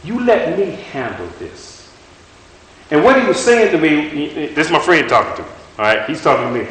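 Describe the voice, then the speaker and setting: A man preaching a sermon in a folksy, halting way, often restarting and repeating words, and putting rhetorical questions to his listeners. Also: on the high side, very animated, a bit bright. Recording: very echoey room with faint hiss.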